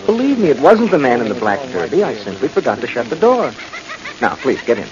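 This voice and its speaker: A man playing a calm, reassuring husband who is a doctor, in 1940s radio acting, speaking in a coaxing, soothing manner. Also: mid-range voice, fairly quick. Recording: dull old radio recording.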